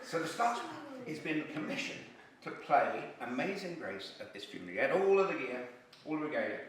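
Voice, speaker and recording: A man telling jokes as a stand-up comedian, lively and chuckling at his own punchlines. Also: a little high, fairly quick, very echoey, far from the mic, a little hiss or hum. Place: comedy venue.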